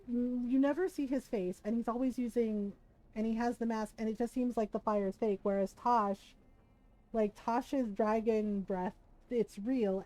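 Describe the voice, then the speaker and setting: A woman streaming a video game, telling stories in a chatty, animated way with lots of fillers. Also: a little high, poor audio. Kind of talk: casual storytelling while gaming.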